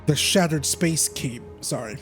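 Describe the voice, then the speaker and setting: A man with a high voice muses casually over his gameplay, cracking jokes and asking out loud what is going on. Soft game music plays behind him. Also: measured pace. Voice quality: joking, confused asides. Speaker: gameplay streamer.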